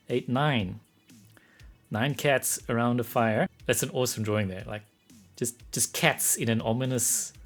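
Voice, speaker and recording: Slow husky man excitedly streaming. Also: mid-range voice. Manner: excitable, thinks aloud, laughs often. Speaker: artist streaming live. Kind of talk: casual live-stream commentary.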